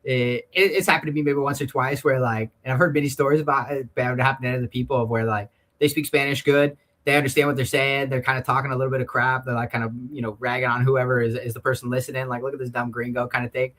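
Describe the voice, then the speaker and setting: A man's voice: mid-range voice, steady tone, fast, few pauses, fairly bright tone. A man from the United States, a Spanish coach in a casual conversation, hedging his sentences with lots of "like" and "kinda".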